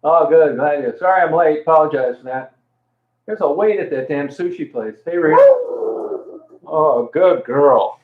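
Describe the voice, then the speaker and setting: A man on a casual live stream, cooing fondly and repeating pet talk to his dog between greetings to viewers. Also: medium pitch. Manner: coos over and over in fond pet talk. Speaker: vlogger talking to his dog. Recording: tinny phone-like audio in an echoey room.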